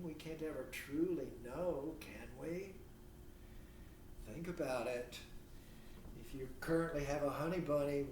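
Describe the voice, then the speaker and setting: A man's voice: mid-range voice, a little mellow, slight background noise. Man lecturing in an echoey room. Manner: rhetorical questions, acts out imagined dialogue. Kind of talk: recorded university lecture. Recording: echoey room, mic at a distance.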